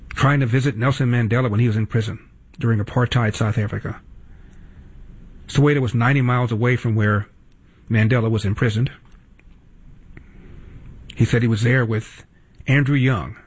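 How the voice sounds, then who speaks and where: A man's voice: medium pitch, slightly rough. A man hosting talk radio, delivering indignant, mocking commentary.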